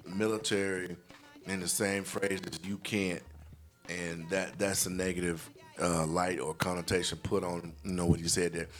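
A man co-hosting a casual podcast, talking in long emphatic opinions full of "you know" fillers. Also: deep voice. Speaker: podcast co-host.

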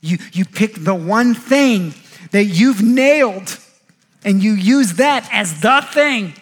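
A man in his thirties preaching a sermon, animated, acting out quoted voices and often repeating words as he goes. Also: sits high, takes it slowly. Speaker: pastor.

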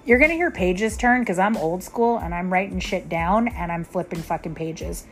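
A woman's voice: lowish voice, moderate pace. A woman in her thirties rants through an unscripted solo podcast, swearing hard and pressing every point on her listeners. She sounds tired, and faint music plays behind her. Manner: profane, blunt, emphatic, talks straight to listeners. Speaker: podcast host.

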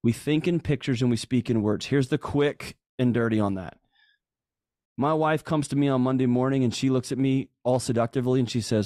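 A man's voice: mid-range voice, fairly quick, no echo, studio quality. A man telling marriage stories in a casual podcast chat, emphatic and acting out the people he quotes. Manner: animated, acts out quoted voices, emphatic. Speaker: guest speaker on relationships.

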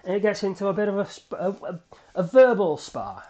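A man hosting a solo fan podcast, recapping a TV episode in an excitable, animated storytelling way with frequent restarts. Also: high voice, a little fast. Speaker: podcast host.

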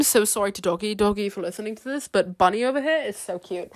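A woman's voice: mid-range voice, lively intonation, fast, hardly any pauses, dry recording. A young woman hosting a casual, rambling podcast, chatty and self-deprecating with frequent giggles. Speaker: podcast host.

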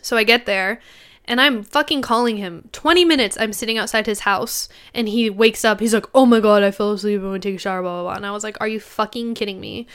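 A young woman co-hosting a podcast, telling a personal story in casual chat, animated and swearing, quoting others. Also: mid-range voice, fast, smooth. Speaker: podcast co-host.

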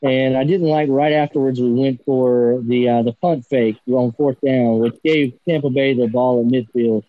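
A man's voice: mid-range voice, steady tone, normal speed, no echo, phone-quality sound. A man on a sports talk panel, ranting heatedly and swearing often. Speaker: podcast panelist.

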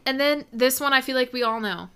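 A woman's voice: high voice, brisk, a bit bright, clear, resonant tone. A young woman co-hosting a podcast in casual, giggly chat that rambles off on tangents. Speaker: podcast co-host.

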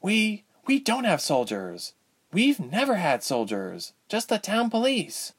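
Timid young woman, played by a male narrator: high, fretful, whispery and worried. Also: huge pitch swings, slow, fairly bright tone, husky, full character voice. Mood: frightened.

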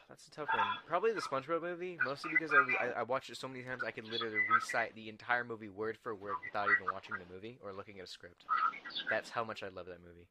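Jokey young man over loud hiss. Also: lowish voice, fast. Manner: animated, jokey storyteller who swears. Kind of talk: casual chat. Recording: loud background noise.

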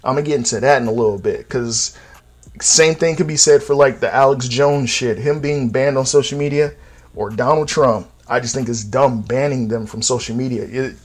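A man's voice: medium pitch, moderate pace. A man in his thirties hosting a casual solo podcast, talking bluntly and profanely, his voice jumping up sharply when he stresses a point. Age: 30s. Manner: voice jumps up sharply for emphasis. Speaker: podcast host.

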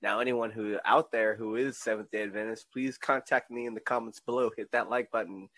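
A man hosting a podcast in casual chat, swearing freely and telling animated stories. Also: on the low side, brisk. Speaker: podcast host.

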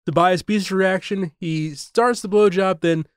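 A man's voice: fairly even intonation, measured pace, smooth, dry recording, studio quality. A man chatting casually on a movie podcast, joking and often restarting his sentences. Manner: jokey, trails off and restarts, drops low to quote lines. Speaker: podcast host. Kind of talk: casual movie review chat.

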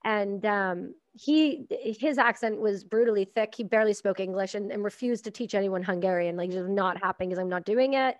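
A woman's voice: mid-range voice, normal speed, few pauses, dry recording, highs cut off. A woman hosting a podcast, talking in an effusive, encouraging and frank way. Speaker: podcast host. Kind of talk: casual podcast chat.

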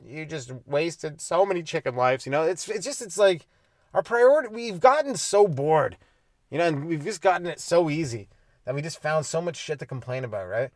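Young male stand-up, a touch high-pitched, rambles and swears through a solo comedy rant. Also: lively intonation, a little fast, dry recording, clean studio sound. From Canada. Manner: rambling, swears, acts out little scenes in mock voices. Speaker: podcast host, stand-up comedian.

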